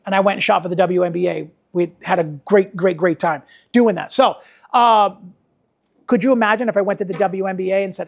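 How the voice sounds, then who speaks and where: A middle-aged man with a high, creaky voice leads a photography workshop at a brisk pace. He tells animated anecdotes and acts out the voices of the people he quotes.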